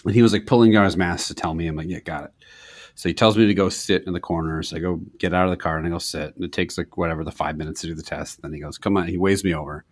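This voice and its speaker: A man co-hosting a podcast, telling a story in casual chat, swearing and acting out quotes loudly. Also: low voice, steady tone, fast. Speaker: podcast co-host.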